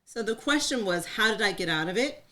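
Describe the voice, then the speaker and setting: A woman's voice: medium pitch, expressive, brisk, pushed and bright. A woman co-hosting a live talk in front of an audience, sharing her story openly and chattily, laughing often. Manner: open, chatty, laughs often, calls herself an oversharer. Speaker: co-host. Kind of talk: candid personal conversation.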